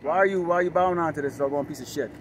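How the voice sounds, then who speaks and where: A man's voice: on the high side, racing, rough recording. A man street preaching outdoors, combative and profane, firing rhetorical questions. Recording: heavy street traffic noise. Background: loud traffic noise.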